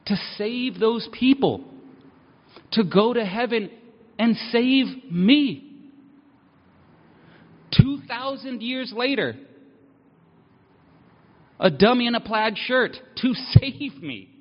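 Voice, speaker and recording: A man's voice: very high-pitched, lively intonation, takes it slowly, long pauses. A man preaching a sermon, candid and self-mocking, speaking earnestly about needing help. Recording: dull sound with long hall reverb.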